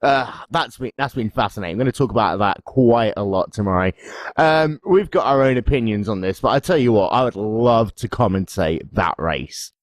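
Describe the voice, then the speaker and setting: A man's voice: lowish voice, animated, moderate pace, no room sound. A man co-hosting a podcast preview, chatting casually, joking and rambling. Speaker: podcast co-host. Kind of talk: casual promo chat.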